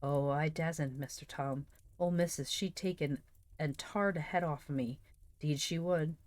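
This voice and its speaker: A timid young boy hesitates in rustic speech, as a woman reads his part. The voice is low and sits dry and close to the mic. A storybook reading of a wary, easily tempted child. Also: steady tone, unhurried, darkish tone, no room sound.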